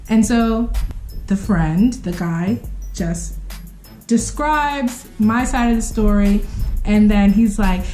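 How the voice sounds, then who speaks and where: A young woman tells a story to her camera in a lively, expressive way, acting out what people said with sudden leaps in pitch. Her voice sits a little high. The room is echoey, with faint music underneath. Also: a little slow. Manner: expressive, acts out quotes with sudden pitch jumps. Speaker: vlogger telling a story. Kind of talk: animated story time.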